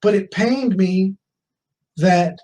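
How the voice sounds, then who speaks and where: At a conference, a man in his fifties gives a motivational storytelling speech, sharing a personal story, questioning the audience, and repeating key phrases for emphasis. His voice is high and a little mellow, his pace slow, and the recording rough.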